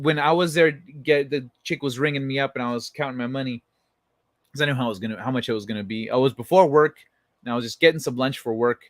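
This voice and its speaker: In a dry recording, a young man with a slightly high voice runs a late-night livestream. He banters with viewers, reads the chat out loud, laughs often, and tells stories in a loose, foul-mouthed way.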